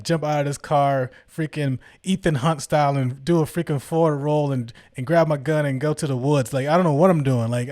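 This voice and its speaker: A man vlogging, telling a story casually in animated, slangy talk and acting out the people he quotes. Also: on the high side, no room sound, clean studio sound.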